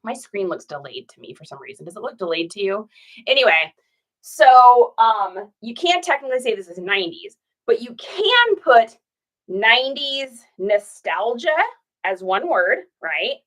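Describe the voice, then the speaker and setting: A woman's voice: medium pitch, very animated, moderate pace, rough recording. A woman reseller chatting casually to a livestream audience, giving listing tips in a chatty, conspiratorial way. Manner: chatty, conspiratorial, with lots of fillers. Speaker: clothing reseller.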